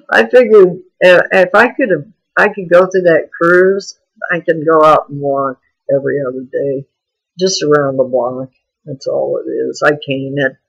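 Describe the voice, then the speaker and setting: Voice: medium pitch, vocal fry, a bit bright, breathy edge, muffled recording. A vlogger talking in a frank, rambling, confessional way in a personal video diary.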